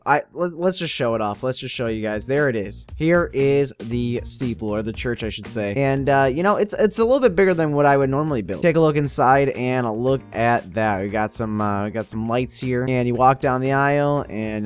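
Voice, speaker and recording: A man's voice: medium pitch, clear, resonant tone. A young man casually commenting on his Minecraft gameplay, chatty and upbeat, talking straight to his viewers. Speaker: Minecraft YouTuber.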